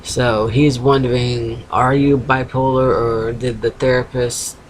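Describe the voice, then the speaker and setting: A man's voice: mid-range voice, flat delivery, unhurried, a little hiss or hum, poor audio. A man in his thirties with a fading East Coast US accent, talking frankly in a rambling video diary at home while feverish and sedated. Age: 30s. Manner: rambling, frank, swears casually, self-interrupting. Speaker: vlogger. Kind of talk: casual confessional video diary. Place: at home by a computer.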